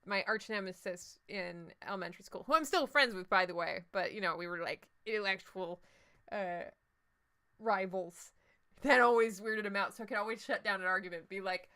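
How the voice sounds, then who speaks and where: A woman's voice: lowish voice, normal speed, sharp tone, clear, resonant tone. A woman hosting a live game stream, chatting casually and jokingly with her viewers about their votes. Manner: chatty, jokey, answers chat votes. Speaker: livestream host. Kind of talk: casual let's-play chat with live viewers.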